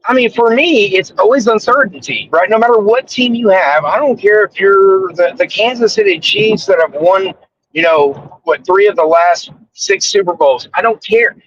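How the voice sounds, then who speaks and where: High-voiced man on a lo-fi call. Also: moderate pace, husky. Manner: relaxed, easygoing, talking on the move. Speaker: podcast guest. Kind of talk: casual fan podcast chat. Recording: dull lo-fi call audio with faint noise.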